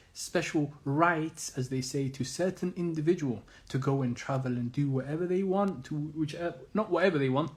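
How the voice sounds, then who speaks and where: A man giving an earnest monologue as an Islamic commentator, insistent and repeating phrases and rhetorical questions. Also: a little high.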